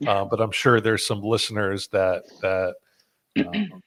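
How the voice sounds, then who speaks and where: A man's voice: on the low side, sing-song, measured pace, fairly bright tone. A man hosting a podcast, chatting casually and telling a rambling story with many fillers and restarts. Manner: rambling with fillers and restarts, self-deprecating laughs. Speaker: podcast host.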